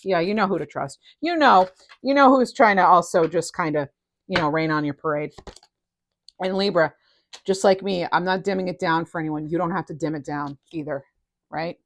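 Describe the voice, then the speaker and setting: A middle-aged woman giving a casual tarot reading, enthusiastic and animated, her voice rising and falling in loudness. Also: on the low side, normal speed. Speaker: tarot reader.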